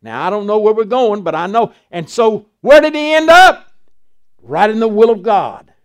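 A man's voice: sits high, animated, moderate pace, clear, resonant tone. An older man, a pastor preaching a folksy sermon and acting out Bible dialogue.

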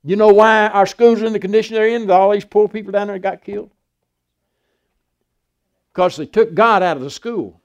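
An older man preaching a sermon in a strikingly high voice. He talks in a folksy, preachy way and slips into the voices of Bible figures as he tells their stories. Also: fairly quick, long pauses. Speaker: pastor.

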